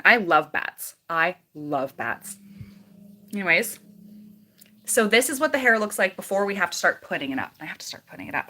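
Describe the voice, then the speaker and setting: On a casual livestream, a young beauty vlogger with a Canadian accent curls her hair while reading out comments and rambling between steps. Her voice is mid-range with a fairly bright tone.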